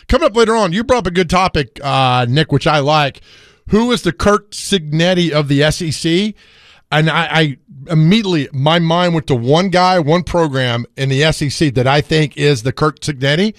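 A man's voice: fairly high pitch, a bit bright, no room sound. A man hosting a sports radio show in a studio, joking and laughing as he riffs through casual chat. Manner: jokey, laughs often, riffs on ideas.

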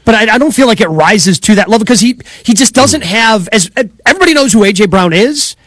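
A male sports radio co-host with a high voice, talking things through casually and agreeably. The sound is dry and close to the mic. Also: animated, fairly quick, fairly bright tone, dry recording.

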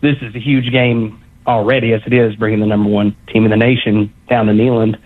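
A man's voice: on the low side, flat delivery, brisk. Male caller, earnest and polite, over a thin phone line. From Northeast Tennessee. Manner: polite, earnest, hesitant ums. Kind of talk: call-in radio question.

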